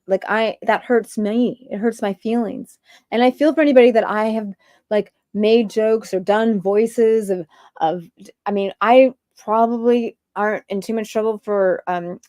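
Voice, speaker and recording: Rambling woman with a mellow voice. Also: mid-range voice, dry recording, studio quality. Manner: rambling, many filler "likes". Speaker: livestream host. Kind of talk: stream-of-consciousness rant.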